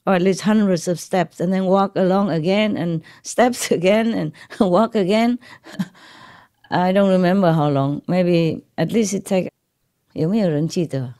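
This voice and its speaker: A woman's voice: medium pitch, creaky, warm tone. A woman spiritual teacher giving an informal, rambling talk to her gathered disciples. She laughs often, keeps checking in with "okay?" and "right?", uses slightly non-native English grammar and slips into Chinese.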